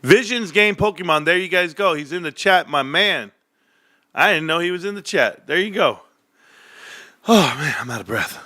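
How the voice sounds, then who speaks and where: A man hosting a casual livestream chat from his home desk, animated, swearing and laughing often. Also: high-pitched, moderate pace. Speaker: livestream host.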